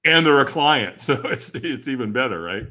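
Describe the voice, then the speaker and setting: Lively laughing man telling a story. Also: mid-range voice, moderate pace. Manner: animated, laughs often, acts out quoted voices. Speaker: podcast guest. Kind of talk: casual storytelling interview.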